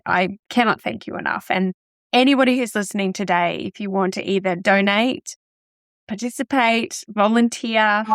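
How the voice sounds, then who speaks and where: A woman's voice: medium pitch, no echo, clean studio sound. A woman hosting a podcast interview. She reacts effusively and emotionally to her guest. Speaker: podcast host. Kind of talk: warm interview wrap-up.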